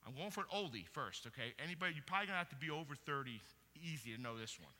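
A man preaching a sermon and quizzing his congregation, moving from quiet teaching to loud cheers for the people who answer. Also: on the high side, very fast, slight background noise. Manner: lively, swings from quiet teaching to loud praise. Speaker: pastor. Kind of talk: sermon with audience quiz. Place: church hall. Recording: long hall reverb.

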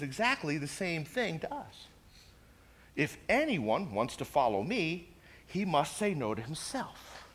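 A man preaching a sermon, telling stories with lively emphasis and often repeating his words as he goes. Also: a little high, unhurried. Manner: animated storytelling, repeats words, acts out quoted voices. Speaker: pastor.

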